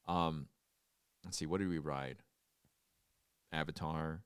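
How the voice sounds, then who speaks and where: A man's voice: rumbling low, steady tone, slow pace, clean tone, no room sound, studio quality. A young man co-hosting a podcast, chatting casually, laughing often and acting out quotes as he retells a trip. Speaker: podcast co-host. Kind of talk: casual chat.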